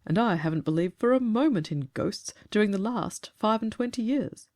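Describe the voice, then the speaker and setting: A woman voicing a calm, earnest grown man who tells of catching a ghost, in a storybook reading. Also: mid-range voice, natural voice. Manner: measured, earnest, slightly aggrieved.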